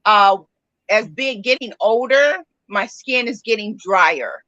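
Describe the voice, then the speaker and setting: Middle-aged woman guest, frank and self-mocking, bright tone. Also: medium pitch, animated, slow, dry recording, muffled recording. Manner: candid and self-mocking, laughs often. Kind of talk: casual interview chat.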